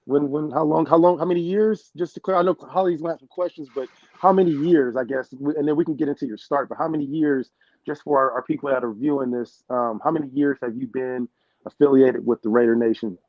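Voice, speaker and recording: A male host with a mid-pitched voice, building up the episode slowly and deliberately. His audio sounds dull and muffled. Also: steady tone, dry recording. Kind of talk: show introduction and interview.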